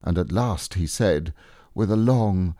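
A man narrating a classic children's storybook aloud in a slow, unhurried, gentle way. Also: low-pitched, animated, no echo, clean studio sound. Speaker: audiobook reader.

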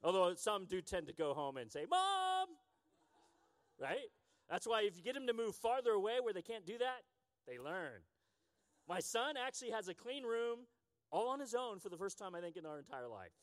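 A man in his fifties, a pastor preaching a sermon with animated, humorous storytelling. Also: sits high, fairly quick, big-room sound. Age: 50s.

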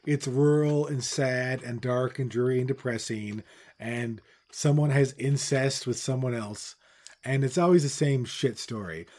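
A middle-aged man from with its holds forth in loose podcast chat. His voice is dark and mellow, and he rants bluntly, swearing freely as he goes. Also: mid-range voice. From Newfoundland, Canada. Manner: blunt, profane ranting. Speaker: podcast co-host. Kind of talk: casual chat.

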